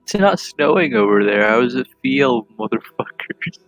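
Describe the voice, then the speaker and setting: A man's voice: mid-range voice, lively intonation, moderate pace, muffled recording, soft background music. A man joking around with fellow tabletop players and swearing freely. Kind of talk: casual chat before a tabletop game.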